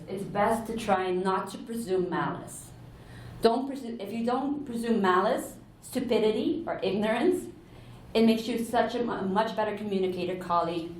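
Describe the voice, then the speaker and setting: In a large, echoey conference hall, a woman with a medium pitch and darkish tone speaks earnestly, explaining things to the room and at times correcting herself mid-sentence. The mic is distant, leaving her sounding far away with a little hiss or hum.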